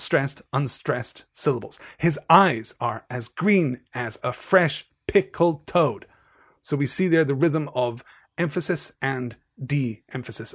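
A man giving a literary lecture with slides, animated and analytical, with frequent digressions. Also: medium pitch. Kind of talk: literary lecture with slides and read-aloud passages.

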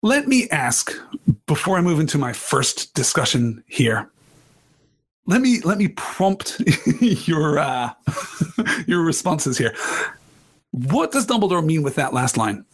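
A man's voice: fairly high pitch, sing-song, slow, long pauses, breathy edge. A man reading aloud from a novel and discussing it with his audience like a literature teacher, enthusiastic and asking questions.

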